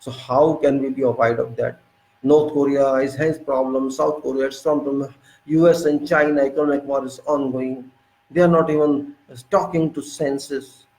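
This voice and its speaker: A man's voice: mid-range voice, steady tone, normal speed, a little mellow, echoey room, low-quality recording. A man from India giving an emphatic, unscripted political monologue, firing off rhetorical questions. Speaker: political commentator.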